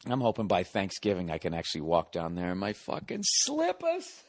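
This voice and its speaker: Speaking briskly in a deep voice with huge swings in pitch, this middle-aged podcast host from the United States launches into a solo comedic rant. It's an exasperated, profane monologue full of sarcastic side remarks.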